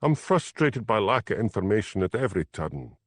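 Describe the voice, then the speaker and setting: A man's voice: lowish voice, big pitch swings, moderate pace, no room sound. A man doing a blunt Scottish village constable. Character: frustrated male Highland village constable.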